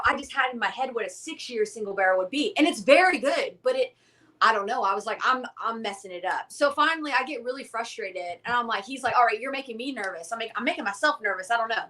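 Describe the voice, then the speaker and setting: A young woman, a guest from a whiskey company, telling a story in a casual interview and acting out the dialogue. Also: on the high side. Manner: animated, acts out quoted dialogue.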